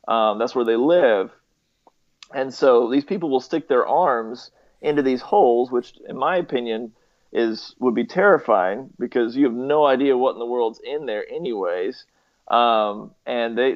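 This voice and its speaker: Young guy, gravelly voice, lots of ums and restarts, kinda muffled recording. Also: mid-range voice. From southeastern United States. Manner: hesitant, many fillers and restarts, chuckles often. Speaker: interviewee, nurse. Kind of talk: casual chat.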